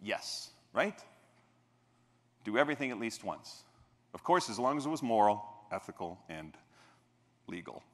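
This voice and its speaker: A man's voice: on the low side, lively intonation, a little slow, pauses often. A man on stage giving a motivational keynote, telling funny stories with playful asides to the audience. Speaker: keynote speaker. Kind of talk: motivational keynote with humorous storytelling. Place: large convention hall stage. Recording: echoey convention hall.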